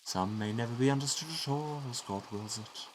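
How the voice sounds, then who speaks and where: A man voicing a pious, gentle older village priest in a game, reading his lines in a solemn, measured way. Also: mid-range voice, noisy background, pitched above the performer's own voice, natural voice.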